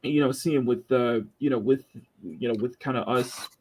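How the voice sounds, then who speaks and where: A man's voice: mid-range voice, moderate pace, noisy background. A man hosting a casual live stream chat, joking, laughing often and restarting his sentences. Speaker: host.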